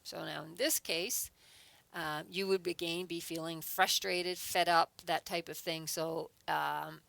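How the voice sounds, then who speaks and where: Woman teacher with a gravelly low voice. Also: fairly even intonation, a little slow, a bit bright, no room sound. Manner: patient, explains step by step, reads example sentences aloud with emphasis. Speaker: adult education teacher. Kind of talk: online grammar lesson.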